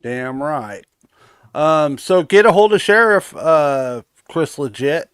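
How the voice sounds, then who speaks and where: A man's voice: a little high, lively intonation, slow, fairly bright tone, clear, resonant tone, no echo, studio quality. A man hosting a casual stream, cursing freely, joking and reading viewer comments aloud. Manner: profane, joking, reads chat aloud. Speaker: host.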